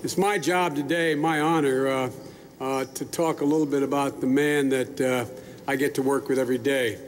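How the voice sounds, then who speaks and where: A man's voice: medium pitch, fairly even intonation, normal speed. An older man giving a public speech to troops from a podium microphone, folksy and rambling, with asides and restarts. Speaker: speaker addressing troops. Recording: echoey large hall with faint noise.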